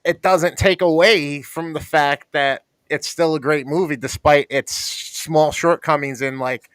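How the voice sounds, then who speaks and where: A man's voice: fairly high pitch, fairly even intonation, measured pace, fairly bright tone, no room sound. A man co-hosting a casual movie review chat, laid-back and slangy. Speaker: podcast co-host.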